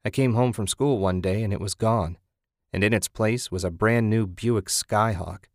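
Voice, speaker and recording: An eager, stubborn husband who is crazy about classic cars, read by a man. His lines are enthusiastic and defensive, in a fairly low voice recorded dry and close. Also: moderate pace, no echo, natural voice.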